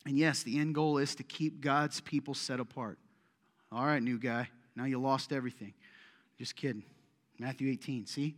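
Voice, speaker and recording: A man preaching a sermon as pastor, animated and putting pointed questions straight to the congregation in a church. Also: mid-range voice, big-room sound. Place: church sanctuary.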